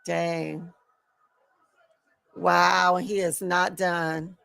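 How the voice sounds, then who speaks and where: A woman's voice: lowish voice, level tone, very slow, gravelly, a bit bright, no echo. A woman co-hosting a casual live stream, playful and teasing. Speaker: co-host.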